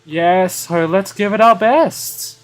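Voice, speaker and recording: A man voicing a timid, apologetic young man in a high, strained Indian accent. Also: slow, soft background music.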